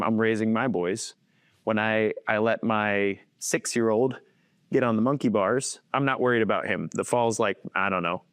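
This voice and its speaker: A man's voice: fairly low pitch, smooth, dry recording, studio quality. A man in his thirties, a faith-based coach, earnestly telling personal stories as a guest and chuckling often as he talks. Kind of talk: personal storytelling in conversation.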